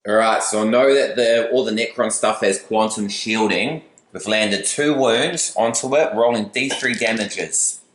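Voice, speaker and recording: A man's voice: fairly low pitch, measured pace, hardly any pauses, roomy sound. A man casually commentating a tabletop wargame battle, chatty with playful asides. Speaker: battle report host.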